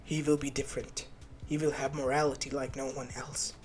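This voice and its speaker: A man's voice: mid-range voice, level tone, brisk, natural voice. A man voicing a dry, matter-of-fact queen goddess in a fan story, with faint lofi music behind. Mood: reassuring.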